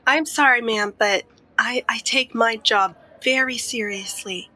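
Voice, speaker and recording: A woman's voice: on the high side, a little slow, sharp tone, voice pushed up, rough recording. A woman voicing a stubborn small-town nurse who stays sugary-polite, calling people honey and ma'am. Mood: firm.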